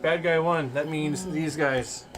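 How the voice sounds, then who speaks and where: A man's voice: fairly high pitch, fairly even intonation, slow pace, faint music behind. A man running a tabletop game as game master, tallying dice results and narrating what the enemies do. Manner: tallies rolls and narrates enemy actions. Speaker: dungeon master. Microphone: home microphone on a stream.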